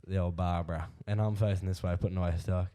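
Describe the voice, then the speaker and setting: Laid-back Australian bloke telling a story. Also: male voice, sits low, fairly even intonation, fast, mellow. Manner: laughs through his own story, slangy. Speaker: podcast co-host. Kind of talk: casual storytelling chat.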